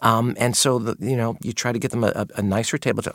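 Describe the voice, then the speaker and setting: A man with a lowish voice tells candid stories from his years running dining rooms, slipping into the voices of guests and staff. The sound is dry and close, like a studio microphone. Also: fairly quick, few pauses, no echo. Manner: candid storyteller, acts out customer exchanges. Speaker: guest, restaurant maitre d'. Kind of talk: radio interview conversation.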